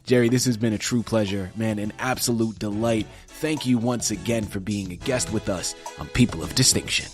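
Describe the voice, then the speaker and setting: A man hosting a radio interview, wrapping up with an energetic, emphatic pitch aimed straight at the listeners. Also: normal speed, few pauses, music in the background. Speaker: radio show host. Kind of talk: interview host wrap-up.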